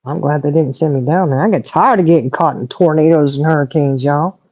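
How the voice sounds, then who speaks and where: A middle-aged woman, chatting on a livestream and telling stories with animated quoting. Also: low-pitched, brisk, dry recording. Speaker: co-host. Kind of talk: casual chat on a livestream. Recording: dull lo-fi audio.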